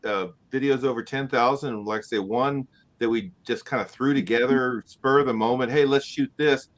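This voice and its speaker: A man in casual chat who keeps stopping and restarting his sentences as he talks. His voice sits at a middle pitch. He speaks as the co-host of a cruise channel. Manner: halting, full of restarts.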